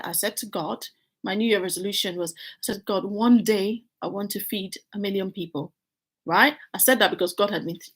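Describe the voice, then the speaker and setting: A middle-aged woman vlogging at home, telling her life story candidly and acting out quoted lines with big jumps in her voice. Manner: animated, frank, acts out quotes with big pitch jumps. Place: home with building works nearby.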